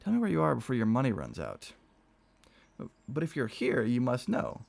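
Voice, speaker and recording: A man reading aloud, voicing an erratic, volatile young man who turns excitable and shrill. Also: moderate pace, gravelly, exaggerated voice. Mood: teasing. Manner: shrill, excitable, bursts into shouting.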